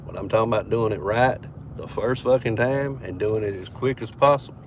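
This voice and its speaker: A man's voice: on the low side, a little fast. A man telling a rambling, profane story to his phone camera, quoting others as he goes. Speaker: vlogger. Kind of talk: casual storytelling vlog. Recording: noisy phone recording near traffic.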